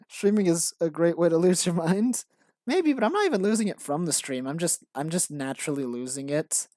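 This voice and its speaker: A man's voice: fairly high pitch, lively intonation, brisk, a little mellow, no echo. Rambling man on a dry mic. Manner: rambling, self-interrupting, frequent fillers and restarts. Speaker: streamer and game developer. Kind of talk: casual live-stream commentary.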